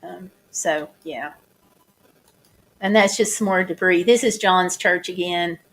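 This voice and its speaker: A woman vlogger talking casually, halting and restarting as she describes flood damage. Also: fairly low pitch, fairly bright tone. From United States. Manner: chatty, halting, many restarts and fillers. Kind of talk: casual chat over photos.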